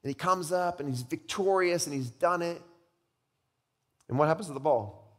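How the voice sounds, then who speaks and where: A man's voice: on the high side, normal speed, in a large hall. A pastor in his thirties preaching a sermon in a conversational way, repeating words and asking rhetorical questions.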